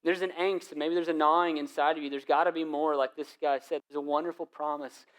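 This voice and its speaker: A young man preaching from the pulpit, his voice sitting a little higher than most men's. He tells stories with casual slang, swinging between loud bursts and quiet, hushed moments. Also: fast talker. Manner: animated storytelling with casual slang. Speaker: lead pastor. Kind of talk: sermon.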